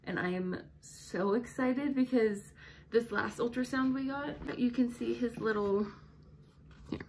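A woman's voice: a little high, measured pace. A young woman talks to her camera from her bedroom in a loose, rambling way, full of fillers. She sounds slightly out of breath. There is a faint hum of noise behind her. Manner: rambling, chatty, many fillers. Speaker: vlogger. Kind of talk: casual vlog talk to camera. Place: bedroom at home.

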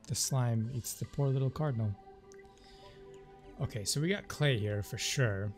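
A man's voice: mid-range voice, moderate pace. A man giving casual, rambling commentary as he plays a video game. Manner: chatty, rambling asides. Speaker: let's play host. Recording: game music behind the voice.

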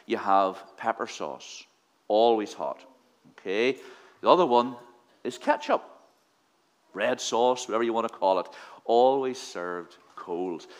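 A man giving a playful children's address in a church service, asking the children questions. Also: mid-range voice. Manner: playful, quizzing kids with questions. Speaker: leader of a children's talk in church.

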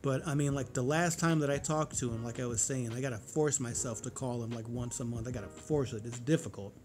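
A man's voice: mid-range voice, brisk. A man in his forties vlogging in a casual, rambling monologue, cursing freely and getting heated. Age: 40s.

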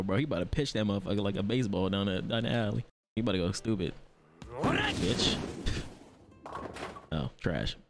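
A man hosting an anime reaction video, talking back to the screen with lots of laughter and profanity. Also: fairly low pitch.

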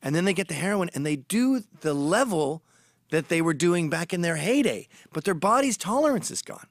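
Male host, brash gossipy storyteller, slightly raised pitch, dry close sound. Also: very animated, normal speed, no room sound. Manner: gossipy, swaggering storyteller with blunt asides; turns urgent and emphatic when warning. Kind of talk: storytelling monologue.

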